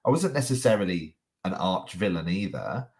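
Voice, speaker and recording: A man's voice: low-pitched, animated, moderate pace, a little mellow. A middle-aged man with a cold, talking in a thoughtful, hesitant way in a reflective conversation. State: has a cold, coughing.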